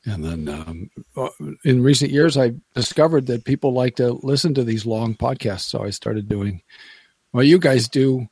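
A man's voice: mid-range voice, expressive, normal speed, darkish tone, slightly rough, no room sound. A man, a former radio broadcaster, chatting casually as a podcast guest, rambling and restarting his sentences and laughing often. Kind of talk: casual chat.

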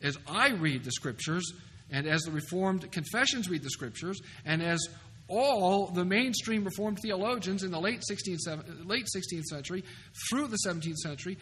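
A man giving a theology lecture at a conference, emphatic and animated, with wry asides. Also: high voice, moderate pace. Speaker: seminary professor lecturing. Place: conference hall. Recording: hall reverb with faint noise, 2004 recording.

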